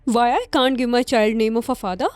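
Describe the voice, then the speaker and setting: A woman's voice: fairly high pitch, a little fast, clean tone, dry recording, soft background music, lightly acted. An actress playing a defiant, suspicious pregnant young girlfriend who talks in a demanding, confrontational way.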